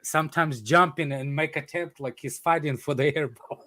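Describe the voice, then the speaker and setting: A man's voice: on the high side, normal speed, sharp tone. A man in a football chat who makes mocking jokes at the others. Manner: mocking, jokey.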